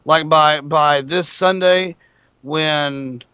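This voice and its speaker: A male radio host with a fairly high voice, bantering with callers in a joking, opinionated way. The sound is dry with no room echo. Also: fairly even intonation, extremely slow, sharp tone, clear, resonant tone. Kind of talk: casual call-in radio talk.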